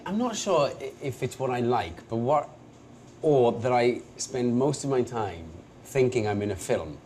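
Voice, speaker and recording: A man's voice: medium pitch, expressive, measured pace, darkish tone. Joking welsh man, noisy background. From Wales. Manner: self-deprecating, jokey, many restarts. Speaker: actor guest. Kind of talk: casual interview chat.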